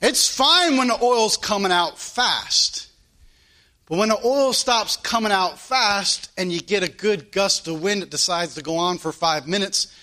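A man's voice: high voice, pushed and bright. A male preacher delivering a sermon in an earnest manner, weaving in a personal story and asking his listeners rhetorical questions.

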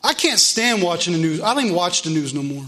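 A man preaching as pastor, loud and animated, repeating his phrases. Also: high-pitched, quick pace. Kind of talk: sermon.

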